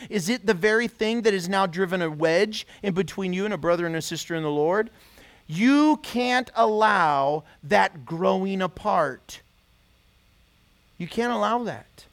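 A man preaching a sermon as pastor, pressing his listeners with repeated rhetorical questions. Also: sits high.

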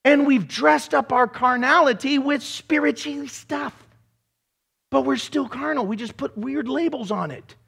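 A male pastor preaching a sermon in an animated way, acting out voices and mocking impressions. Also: very high-pitched, unhurried, gravelly.

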